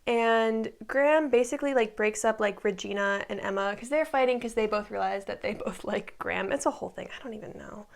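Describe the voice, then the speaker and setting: Young woman with a gravelly voice. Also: on the high side, brisk, hardly any pauses. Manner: rambling, lots of likes and ums. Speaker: recap vlogger. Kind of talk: casual chatty recap.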